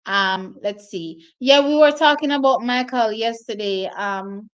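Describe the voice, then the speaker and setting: A woman with a slightly high voice hosts her own track and field vlog. She chats loosely and directly to her viewers, reacting to each result with open feeling. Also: measured pace, hardly any pauses. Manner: chatty, addresses viewers directly, openly emotional. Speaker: track and field channel host. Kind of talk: casual vlog commentary on race results.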